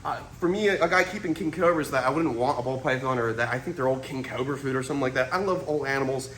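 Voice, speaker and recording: An enthusiastic man hosting an animal vlog, breaking into high excited exclamations. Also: fast, reverberant. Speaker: reptile keeper and show host.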